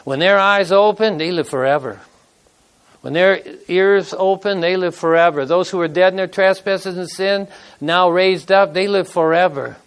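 A man's voice: sits high, normal speed, clean tone. A man in his sixties preaching a casual, folksy sermon, telling stories and acting out quotes in everyday speech. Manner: folksy, conversational, acts out quotes. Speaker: pastor.

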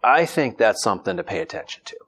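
A man's voice: lowish voice, sing-song, quick pace, fairly bright tone, husky. Conversational man preaching a sermon. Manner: conversational and humorous, reads scripture then explains it.

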